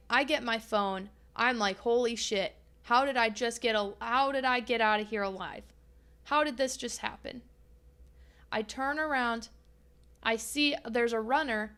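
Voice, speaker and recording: A woman's voice: a little high, a bit bright. A young adult woman hosting a podcast, candidly telling a personal story and acting out past conversations with frequent swearing. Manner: candid and profane, reenacting her own past dialogue. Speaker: podcast host.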